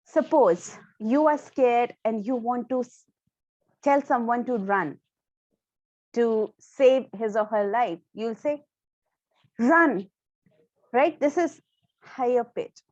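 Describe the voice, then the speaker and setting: A fairly high-voiced woman gives a speaking lesson in a deliberate, emphatic way, leaning on key words and pausing on purpose. The sound is dry and a little dull, like a lo-fi recording. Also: warm tone, no echo. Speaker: speaking coach. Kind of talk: instructional talk to camera.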